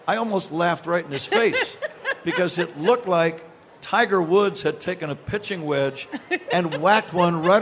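An older man tells a comic story as a guest, laughing through the punchlines. His voice sits high for a man. A faint hiss of noise lies under it. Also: a bit bright. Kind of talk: storytelling anecdotes.

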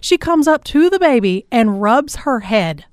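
A woman's voice: a little high, sing-song, unhurried, no echo, clean studio sound. A woman in her thirties co-hosting a podcast, retelling stories in an emphatic, exasperated way. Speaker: podcast co-host. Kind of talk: casual chat.

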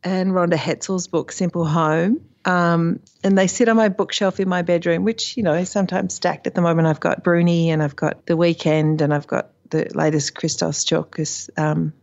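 A woman talks as a guest author, candid and anecdotal, with a lower voice. She tells her stories openly and swears freely. The line sounds slightly dull and lo-fi. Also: steady tone, moderate pace, few pauses, darkish tone. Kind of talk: casual conversation.

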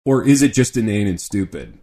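Animated middle-aged man co-hosting a podcast. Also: fairly low pitch, a little fast. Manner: animated, joking, says "dude" a lot. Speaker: podcast co-host. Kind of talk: casual podcast chat.

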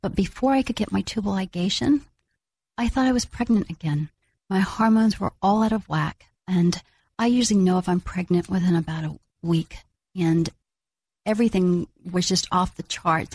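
A middle-aged woman telling her own story as a mother, earnest and reflective, with small restarts and pauses. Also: medium pitch, creaky, darkish tone, slightly rough, dry recording, studio quality. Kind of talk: personal storytelling.

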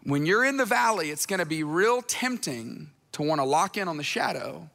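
A man's voice: a little high, sing-song, moderate pace, vocal fry, bright, forceful tone, big-room sound. A man preaching a sermon as pastor, in a conversational style that slips into playful voices when quoting people.

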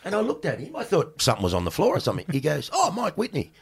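An Australian man in his sixties, a former cricketer, telling animated stories in casual chat and swearing freely. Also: a little high, racing, creaky, breathy edge. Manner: animated, acts out exchanges in raised voice, swears freely. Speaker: podcast guest, former cricketer.

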